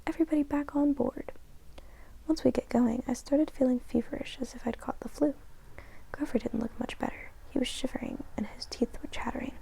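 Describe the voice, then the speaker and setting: A woman reading a story aloud in a slow, hushed whispered role-play meant for sleep. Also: a little high, steady tone, gravelly, husky, rough recording. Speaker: ASMR storyteller.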